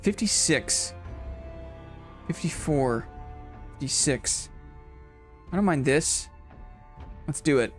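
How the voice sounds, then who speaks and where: A man's voice: fairly high pitch, animated, slow, long pauses, faint music behind. A man casually commenting while he plays a game on a live stream, chatting playfully with his viewers and reading their messages aloud.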